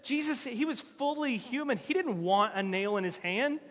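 A man preaching a sermon, earnest and emphatic, moving between loud stresses and hushed lines. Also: very high-pitched, animated, normal speed, big-room sound. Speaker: pastor.

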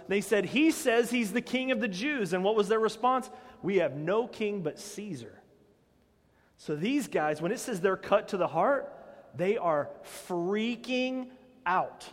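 A pastor with a high voice preaches in a conversational, animated way, speaking a little slowly and repeatedly putting direct questions to his congregation. The church hall around him adds a long reverb.

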